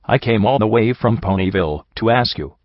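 A man's voice: fairly low pitch, lively intonation, brisk, no echo, dull audio. A man voicing an earnest, eager young filly who pleads her case. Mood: pleading.

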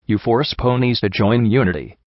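A man's voice: mid-range voice, moderate pace, dry recording, close to an everyday voice. A man reading as a blunt young pony heroine. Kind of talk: audiobook character reading. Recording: dull dry recording.

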